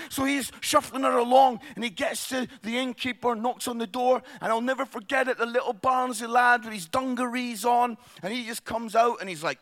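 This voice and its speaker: Animated male storyteller, very high and bright voice, comic. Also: normal speed, gravelly. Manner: animated, acts out characters, laughs along. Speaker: speaker telling stories.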